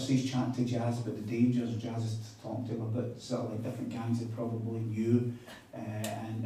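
A man preaching a sermon, telling a story in a chatty, animated way with quoted dialogue. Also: medium pitch, slight background noise. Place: conference hall on a weekend retreat. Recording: echoey hall, mic at a distance.

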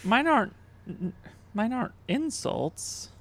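A man's voice: extremely high pitch, sing-song, slow pace, a bit bright. A man co-hosting a podcast, joking around in casual chat and laughing often. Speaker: podcast co-host.

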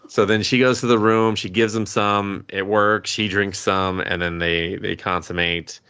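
A man's voice: lowish voice, little pitch movement, measured pace, bright, forceful tone, clean tone, no room sound. A man co-hosting a podcast, recapping an anime plot in a rambling, laughing, casual way with some swearing. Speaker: podcast co-host. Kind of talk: casual anime review chat.

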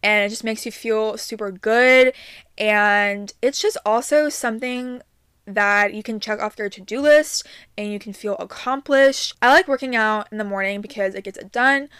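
A woman's voice: medium pitch, moderate pace, a bit bright, clean tone, no echo, clean studio sound. Chatty young woman podcaster. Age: young adult. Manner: chatty, upbeat, many ums and likes. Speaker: podcast host. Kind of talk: casual solo podcast advice.

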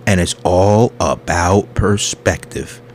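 A man's voice: deep voice, takes it slowly, darkish tone, a little hiss or hum. A man hosting a comedy podcast, rambling through a crude, self-mocking monologue full of tangents. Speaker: podcast host.

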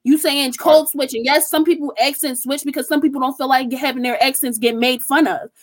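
A woman's voice: sits high, steady tone, a little fast. A woman speaking bluntly and emphatically in a heated group debate. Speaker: debate participant.

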